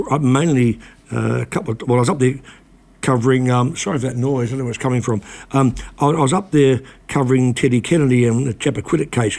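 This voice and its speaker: An older man, a former reporter, talking as a guest in a casual conversation, halting often with restarts and repeated words. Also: mid-range voice, creaky, a little mellow.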